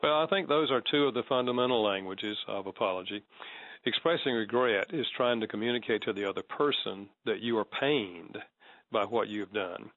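A man speaking as a guest in a conversational interview, measured and explanatory, acting out sample apologies as he teaches. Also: lowish voice, no echo, phone-quality sound.

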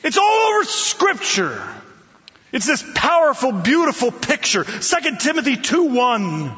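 Preacher guy telling a story, bright and lively, echoey hall, kinda muffled. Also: very high-pitched, unhurried. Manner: storytelling, emphatic, quoting scripture. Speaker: pastor. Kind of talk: sermon. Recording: reverberant hall, dull lo-fi sound.

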